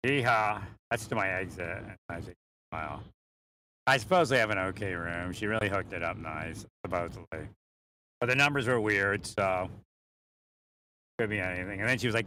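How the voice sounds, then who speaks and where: A man's voice: deep voice, normal speed, pauses often, pushed and bright, a little hiss or hum. A man speaking in a rambling way from inside a moving vehicle, laughing often between thoughts, sometimes leaning away from a mounted mic. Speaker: vlogger. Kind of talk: rambling monologue while driving.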